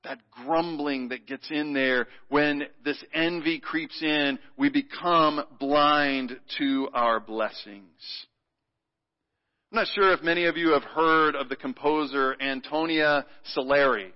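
A pastor preaching a sermon in a playful way, leading the congregation in repeating a word. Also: male voice, on the high side, slow pace. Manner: playful, leads congregation in call-and-response. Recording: muffled sound with long hall reverb.

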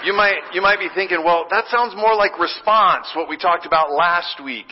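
A man preaches in a large church and tells a story in a lively, conversational way. His voice sits a little high. The sound is muffled and carries a long reverb from the sanctuary. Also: moderate pace, some chatter behind. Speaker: pastor. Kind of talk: sermon.

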